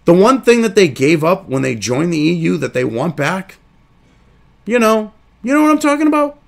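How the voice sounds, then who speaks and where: A man's voice: high-pitched, sing-song, normal speed, creaky. A man hosting a crude, indignant commentary show, reading news excerpts aloud and then ranting about them. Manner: reads article excerpts then reacts.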